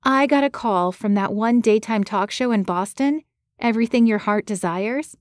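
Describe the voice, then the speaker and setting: A woman's voice: fairly high pitch, normal speed, no echo, studio quality, close to an everyday voice. A woman voicing a hopeful young female matchmaker who speaks eagerly.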